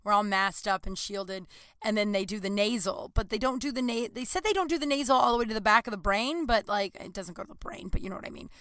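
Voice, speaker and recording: A woman's voice: mid-range voice, quick pace, no echo. A young adult woman hosting a casual solo podcast, rambling and swearing freely as she tells stories. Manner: rambling, profane, animated storytelling with frequent laughs. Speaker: podcast host.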